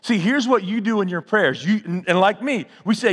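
Preacher guy, kinda high voice, church echo trailing off, asks the crowd stuff back and forth. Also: moderate pace, few pauses. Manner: preacher's call-and-response, rising and falling delivery. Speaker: pastor. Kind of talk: sermon.

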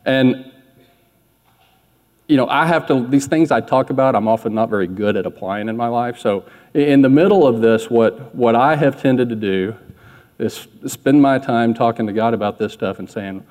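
A man's voice: mid-range voice, moderate pace, a little mellow. Man preaching casually in a reverberant hall. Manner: candid, self-deprecating, conversational preaching. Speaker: pastor. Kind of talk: sermon.

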